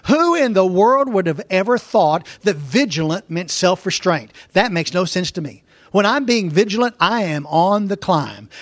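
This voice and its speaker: A pastor preaches in a folksy, storytelling way, his voice sitting notably high for a man. He slows right down when reading scripture aloud. The sound is close and dry, with no room echo. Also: fairly bright tone. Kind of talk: sermon.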